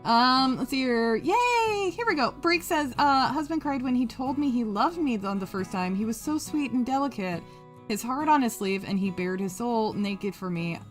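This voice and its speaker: A woman's voice: on the high side, lively intonation, normal speed. A woman hosting a casual craft live stream, reading chat messages aloud, laughing often and swearing freely. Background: faint guitar music.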